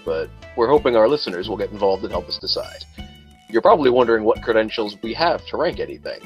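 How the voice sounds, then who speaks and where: A man's voice: on the low side, sing-song, fast talker, muffled recording, faint music behind. A man in his thirties co-hosting a casual podcast, with dry, teasing remarks. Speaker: podcast co-host.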